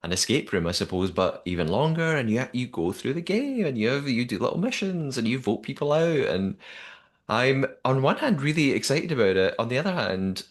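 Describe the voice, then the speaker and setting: A man co-hosting a podcast in casual chat, chatty and animated, with frequent restarts. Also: medium pitch, fairly quick. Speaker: podcast co-host.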